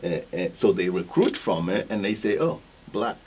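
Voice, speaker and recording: A man from Africa answers questions in an interview with a gravelly, slightly low voice. He speaks in short, halting bursts and restarts often. He keeps checking in with his listener by asking "right?". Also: fairly even intonation, a little mellow. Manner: halting, frequent restarts, tags points with "right?". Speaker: interview guest.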